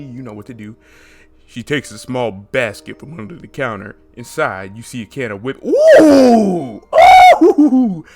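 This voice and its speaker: A man playing a dating game on his channel, reading the text aloud with excitable asides. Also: mid-range voice. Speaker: gaming YouTuber.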